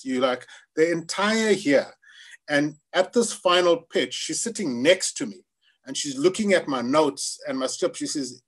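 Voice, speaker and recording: Man from South Africa, interview guest, lively storytelling, mic voice on the higher side. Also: a little slow. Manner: animated storyteller, acts out quoted voices. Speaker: screenwriter guest.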